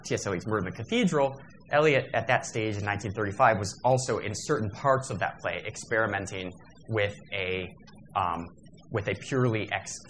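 A man's voice: lowish voice, a bit bright, a little hiss or hum, poor audio. A man lecturing teachers about poetry and meter, talking in a thoughtful way with frequent restarts.

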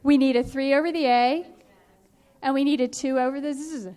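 A woman teaching a phonics and spelling workshop, explaining in a clear, patient, instructive way. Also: sits high, fairly even intonation, moderate pace, mellow.

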